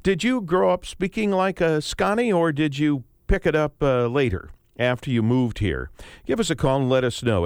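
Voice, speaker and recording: A man hosting a public radio talk show from a studio, relaxed and conversational with a light joking touch. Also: medium pitch, normal speed, no echo. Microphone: studio microphone.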